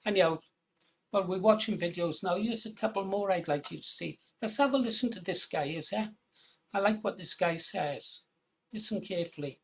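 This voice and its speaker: A man's voice: high voice, moderate pace, vocal fry. Chatty Welsh-born man hosting a channel. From Wales. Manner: chatty, rambling, chuckles often, urges viewers loudly. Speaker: channel host. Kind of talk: casual commentary on video clips.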